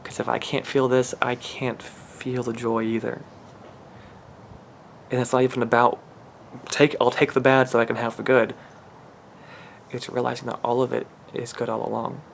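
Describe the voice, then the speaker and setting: Man, spiritual reader, gravelly voice, earnest and emotional, rambling, faint background hum. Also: mid-range voice, flat delivery, normal speed, pauses often. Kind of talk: channeled angel reading.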